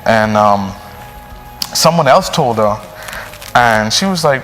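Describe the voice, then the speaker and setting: A young man, a priest telling his story in an earnest, animated way full of fillers. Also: medium pitch, slow pace, pauses often. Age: young adult. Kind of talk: personal storytelling. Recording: long reverb, faint music.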